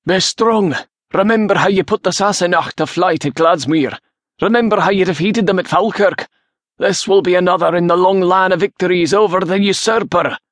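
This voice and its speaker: A man voicing a noble prince on horseback who exhorts his soldiers in loud, declamatory shouts. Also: high-pitched, moderate pace, no room sound, studio quality, voice pushed up. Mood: rallying. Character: rousing noble prince rallying troops on horseback.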